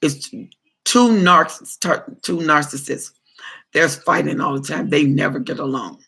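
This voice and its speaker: Man pastor on a livestream: gravelly, fairly high voice, preachy, repeats himself for emphasis. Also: steady tone, unhurried, sharp tone. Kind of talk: livestream talk answering viewer comments.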